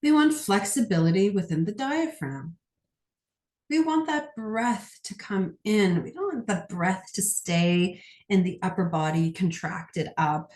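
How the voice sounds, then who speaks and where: A woman's voice: medium pitch, animated, darkish tone. Soothing woman healer in a roomy space. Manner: soothing, drawn-out sighing "oh"s, speaks feelings aloud. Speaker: energy healer. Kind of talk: guided energy healing session.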